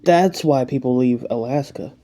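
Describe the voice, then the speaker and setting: A man's voice: medium pitch, moderate pace, warm tone. A man casually reacting to a video at home, rambling, swearing and making self-mocking jokes.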